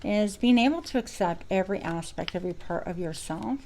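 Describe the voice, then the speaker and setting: A woman's voice: mid-range voice, a little fast, a little mellow, a little hiss or hum, poor audio. A woman giving a spiritual card reading to her viewers, reflective and searching for words as she goes. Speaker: tarot reader.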